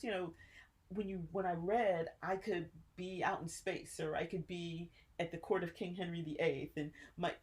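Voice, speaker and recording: A woman in her sixties from New Jersey, co-hosting a podcast and telling childhood stories with lots of laughter. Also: on the low side. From Newark, New Jersey. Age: 60s. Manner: animated storyteller, quick to laugh. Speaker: podcast co-host. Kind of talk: casual chat.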